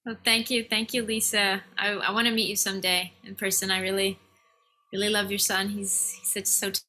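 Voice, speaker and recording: Bright-voiced actress on a video call. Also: female voice, mid-range voice, little pitch movement, fairly quick, slight background noise.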